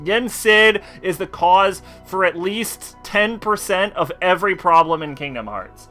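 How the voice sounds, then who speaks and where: A man's voice: high voice, animated, a little slow, few pauses, sharp tone, faint music behind. A man streaming a video game, chatting casually and rambling, with lots of fillers and swearing. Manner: rambling and profane, heavy with fillers. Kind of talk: casual live-stream chat.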